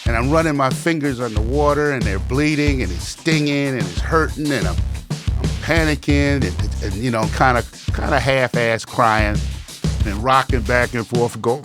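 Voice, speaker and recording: A man telling a personal story, vivid and animated, with repetitions and acted-out quotes. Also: mid-range voice, moderate pace, soft background music. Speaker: storyteller and show host.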